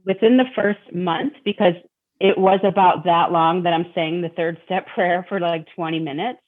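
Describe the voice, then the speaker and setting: On a tinny recording that sounds like a phone line, a middle-aged woman from Detroit speaks frankly as a guest about recovery. Her voice is lowish, her tone steady, her pace moderate, and she often repeats words and acts out her thoughts.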